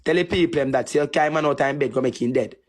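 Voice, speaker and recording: A man's voice: on the high side, fast talker. A man with a Jamaican Patois accent delivering a repetitive, taunting insult rant on a live stream. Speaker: TikTok streamer.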